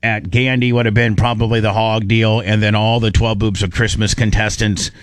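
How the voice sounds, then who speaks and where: A man in casual chat as a radio show co-host, telling rambling, excitable stories full of restarts. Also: fairly low pitch, moderate pace, no echo.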